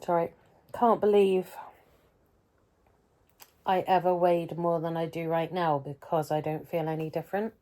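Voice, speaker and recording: A woman vlogging a casual weekly update, rambling and hesitant, often pausing and mocking herself. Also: fairly low pitch, fairly even intonation, dark tone. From England.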